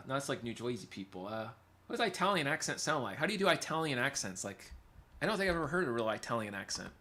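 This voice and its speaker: A man's voice: medium pitch, very animated, fast, bright, forceful tone. A man from California's Central Valley hosting a casual livestream, rambling, laughing often and reading chat aloud. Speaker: livestream host and musician.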